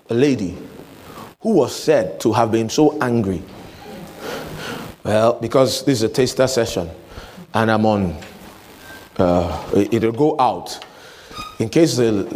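A man's voice: mid-range voice, a little mellow, a little hiss or hum. A man preaching a sermon, emphatic and given to repeating his key lines.

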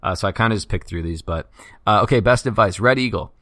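Low-voiced male podcast host, dry sound. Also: bright, forceful tone, dry recording. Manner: loose, joking, reads listener write-ins quickly. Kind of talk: casual podcast chat.

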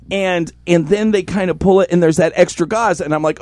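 A man hosting a podcast, telling an animated, profane story in casual chat. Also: high voice, brisk, hardly any pauses, dry recording. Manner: animated, profane, acts out voices in quotes.

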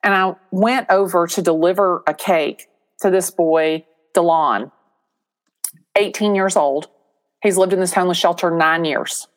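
A middle-aged woman, a real estate agent, telling a story as an interview guest, animated and acting out the voices of people in it. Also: on the low side, measured pace.

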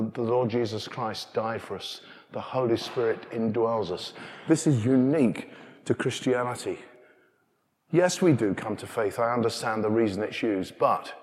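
A man with an English accent preaching a sermon, telling stories with animated asides. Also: medium pitch. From England. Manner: animated storytelling, acting out scenes in hushed asides. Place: church. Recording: long reverb of a large church.

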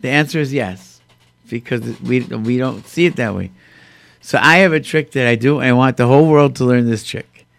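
Guest, male. Animated storyteller who acts out quotes and drops in Hebrew terms. Mid pitch, dry close recording. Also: moderate pace, gravelly, no echo. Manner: sprinkles Hebrew and Yiddish terms. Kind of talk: casual storytelling in conversation.

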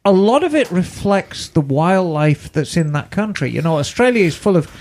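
A woman's voice: lowish voice, big pitch swings, normal speed, darkish tone. A woman co-hosting a casual podcast chat, playful and joking. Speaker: co-host.

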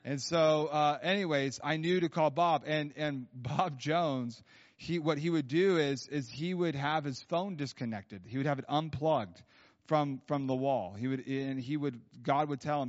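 This preacher's voice is fairly high and unhurried as he rambles casually through a sermon story in a church hall, peppering it with fillers and restarts. Long hall reverb hangs over a dull-sounding recording.

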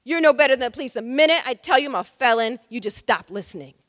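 A woman's voice: sits high, big pitch swings, fairly quick, pushed and bright, no echo, studio quality, in a large hall, heavily acted. A woman voicing a desperate young man with a felony record, insistent and repeating himself. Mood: angry.

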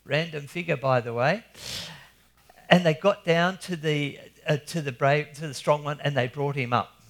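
A man recounts a story with animated delivery. He acts out the characters' lines and sometimes rises to loud cries. His voice sits a little above the usual male pitch. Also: moderate pace. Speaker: Christian speaker telling an anecdote. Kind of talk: storytelling talk.

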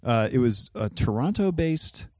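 A man's voice: medium pitch, animated, measured pace, darkish tone, dry recording. A podcast co-host, a man, chatting casually and candidly about himself with a self-deprecating, rambling manner. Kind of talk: casual chat.

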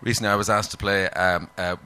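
A man's voice: fairly low pitch, flat delivery, quick pace, bright, forceful tone, smooth. A man, an actor, chatting as an interview guest in a dry, rambling way, hesitant and full of fillers. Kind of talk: casual interview chat.

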